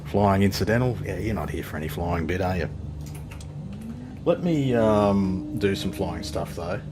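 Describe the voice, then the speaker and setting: A man's voice: low voice, lively intonation, measured pace. An Australian man hosting a flight simulator channel, chatting casually and joking through his gameplay commentary. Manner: chatty, joking, self-deprecating. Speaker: flight sim channel host.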